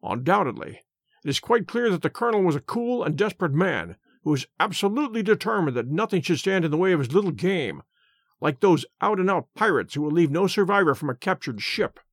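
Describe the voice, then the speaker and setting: A man voicing a calm, incisive Victorian male detective who speaks in a measured, dry, assured way. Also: high voice, breathy edge, dry recording, exaggerated voice.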